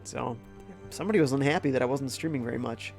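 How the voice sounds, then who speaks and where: A man's voice: medium pitch, quick pace, gravelly, soft background music. Stuffy-voiced man streaming a game. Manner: laid-back, reads chat aloud. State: congested from a cold. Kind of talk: casual gameplay commentary.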